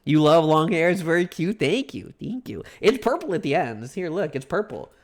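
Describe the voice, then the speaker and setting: A young man streaming live and talking to his chat in a loose, rambling way, often breaking into giggles and stammering over repeated words. His voice sits fairly high for a man and swings widely up and down in pitch. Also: sing-song, normal speed. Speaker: livestreamer. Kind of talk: casual livestream chat with viewers.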